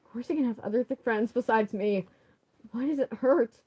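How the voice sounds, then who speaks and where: A woman voicing a shy, anxious teenage boy, speaking in a quiet, hurt, self-doubting way. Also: fairly high pitch, moderate pace, breathy edge, poor audio.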